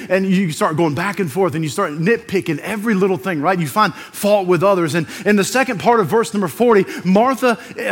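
A man preaching a sermon, animated, acting out scenes and quoting scripture. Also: high voice. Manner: animated, acts out scenes and quotes.

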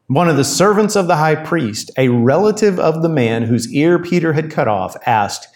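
A man's voice: on the high side, animated, normal speed, hardly any pauses. A man preaching a conversational sermon as a pastor, reading and explaining scripture. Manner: conversational Bible teaching, reads scripture aloud.

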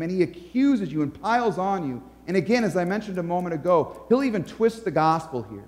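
A man's voice: high-pitched, sing-song, fairly quick, few pauses, long reverb tail. A male pastor preaching an earnest, emphatic sermon in a church.

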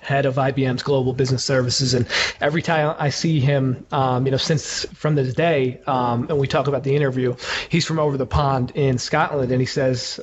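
A man's voice: medium pitch, fairly even intonation, normal speed. A man telling a candid story as an interview guest, casual and profane, with many fillers. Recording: muffled with clear background noise.

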